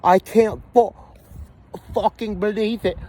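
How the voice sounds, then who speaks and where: A brash, over-excited British man hollers and swears in disbelief, his voice pushed well above its normal pitch, as a man puts him on. The accent is rough and broad, delivered in loud, clipped bursts. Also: slow pace. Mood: astonished. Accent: British, put on.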